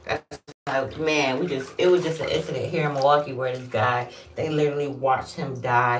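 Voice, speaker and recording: A woman with a low voice tells a rambling, candid story in casual vlog style, swearing freely as she goes. She sits some way from the mic, and the small bathroom around her echoes hard. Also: steady tone, brisk, distant mic, a little hiss or hum. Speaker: vlogger. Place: bathroom, during a bath.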